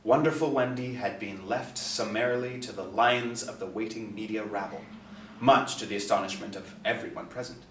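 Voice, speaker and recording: A man narrating a novel in a steady, expressive reading. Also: fairly low pitch, moderate pace, slight background noise. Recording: echoey, distant mic.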